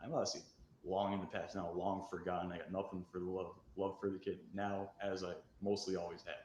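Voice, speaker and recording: A man's voice: deep voice, flat delivery, a little fast, darkish tone. A man telling a personal story in a candid, rambling, self-mocking way. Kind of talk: recorded storytelling video. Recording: echoey room with faint noise.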